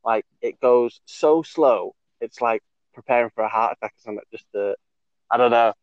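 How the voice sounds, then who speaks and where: On a dull, lo-fi recording with no echo, a podcast host speaks at normal speed and medium pitch. He wanders through a story in a casual chat, swearing, using fillers and laughing frequently.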